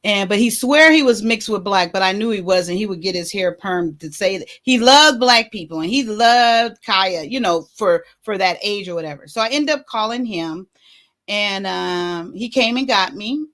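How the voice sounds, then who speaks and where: A woman hosting a vlog, telling a personal story in a candid, halting way with many fillers. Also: mid-range voice, expressive, a bit bright. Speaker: vlog host.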